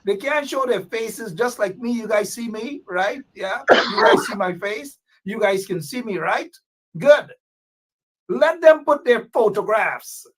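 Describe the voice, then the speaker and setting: A woman with a husky voice, speaking in an animated, indignant commentary. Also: fairly high pitch, unhurried, hardly any pauses. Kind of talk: casual commentary.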